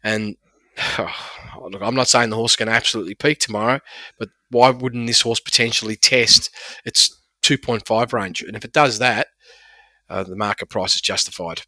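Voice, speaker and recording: A man's voice: lowish voice, steady tone, moderate pace, sharp tone, no echo. A man, breaking down horse racing form with enthusiastic, emphatic analysis. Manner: enthusiastic, emphatic about figures.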